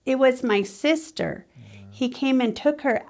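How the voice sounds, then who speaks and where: Middle-aged woman, podcast guest, slightly high voice, lively storyteller. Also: unhurried. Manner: animated, acts out the voices in her stories. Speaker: small-business owner guest.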